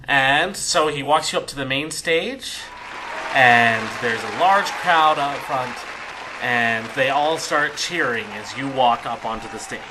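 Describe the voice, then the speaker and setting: A man narrating a tabletop game as game master in a relaxed, conversational way. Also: mid-range voice, slow, a crowd in the background, noisy background.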